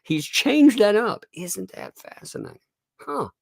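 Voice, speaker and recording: A man's voice: high-pitched, big pitch swings, a little slow, vocal fry, a little mellow, no echo. A middle-aged man hosting a live commentary stream on a court case, sarcastic, laughing often and swearing. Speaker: commentary livestream host.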